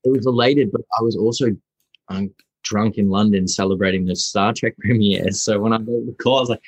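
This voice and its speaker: Low-voiced Australian man, dry sound. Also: fairly even intonation, husky, no room sound, rough recording. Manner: halting, full of restarts and fillers. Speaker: actor guest. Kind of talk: casual interview chat.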